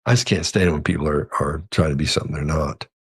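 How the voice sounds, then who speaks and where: A man's voice: extremely low pitch, quick pace, husky. A man speaking as a podcast guest, telling a long story in a rambling, self-correcting way and acting out the quoted dialogue. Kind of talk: casual storytelling chat.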